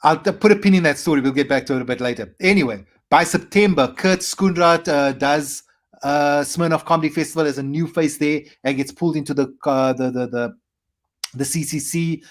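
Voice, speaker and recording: A South African man in his forties, a comedian guest, telling animated stories with quick asides. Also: a little high. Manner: animated anecdotes with quick asides and playful acted quotes. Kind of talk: storytelling interview.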